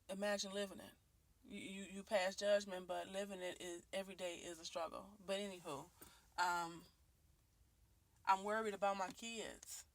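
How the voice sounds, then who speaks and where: A woman in her late twenties from Detroit, talking candidly and earnestly into her phone camera, with many ums and restarts. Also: fairly low pitch. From Detroit, Michigan, USA. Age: 20s. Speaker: vlogger. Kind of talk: personal video monologue. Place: at home and out in her neighborhood.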